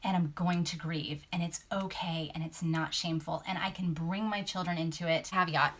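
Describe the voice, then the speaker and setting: A woman hosting a podcast, talking candidly and earnestly, sometimes dropping to a soft near-whisper. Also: on the low side, fairly even intonation, normal speed. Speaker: podcast host. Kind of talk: reflective podcast talk.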